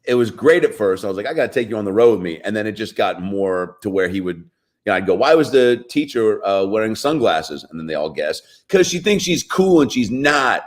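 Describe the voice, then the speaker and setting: Man, comedian guest, very low voice, rambling deadpan storyteller, casual radio chat. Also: quick pace. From Seattle.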